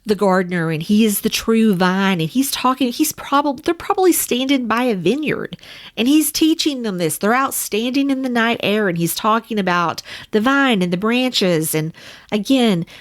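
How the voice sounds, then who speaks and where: A woman's voice: fairly high pitch, lively intonation, normal speed. A woman teaching a Bible study in a conversational way, speaking to her listeners as friends. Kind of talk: casual teaching.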